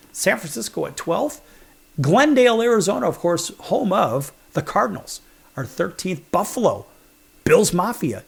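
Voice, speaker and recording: A man's voice: a little high, gravelly, breathy edge. A man from Chicago hosting a sports talk show, counting down rankings with sarcastic, wisecracking emphasis. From Chicago, USA. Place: studio.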